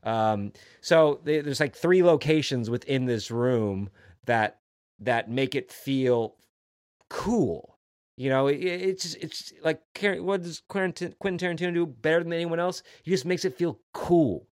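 A man's voice: a little high, a little slow, no room sound, clean studio sound. A man co-hosting a podcast, talking casually and enthusiastically about a movie scene, rambling with fillers and swearing freely. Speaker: podcast co-host. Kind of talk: casual film discussion.

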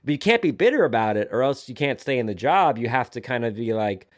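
A podcast co-host chats casually, rambling, correcting himself mid-thought, and acting out quotes. His medium-pitched voice is sing-song, and he talks fast.

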